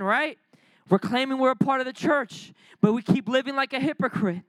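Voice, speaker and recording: A man's voice: very high voice, a little fast, dry recording, poor audio. A male preacher delivering an emphatic, repetitive sermon, speaking directly to his church.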